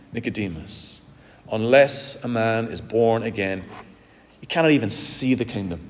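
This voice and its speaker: A man preaching a sermon with emphatic, dramatic swings between loud and soft. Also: mid-range voice, lively intonation, moderate pace. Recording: long hall reverb.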